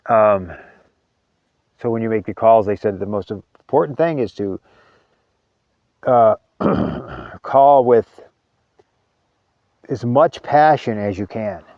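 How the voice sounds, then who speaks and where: A man giving an earnest spiritual talk, halting often and repeating words as he searches for them. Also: lowish voice, animated, dry recording, lo-fi sound. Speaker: spiritual teacher.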